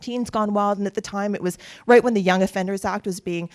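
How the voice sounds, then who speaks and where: A woman's voice: medium pitch, fast talker. Earnest woman telling stories on stage. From Canada. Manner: earnest, animated storytelling with quoted voices. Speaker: keynote speaker. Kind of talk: personal storytelling speech.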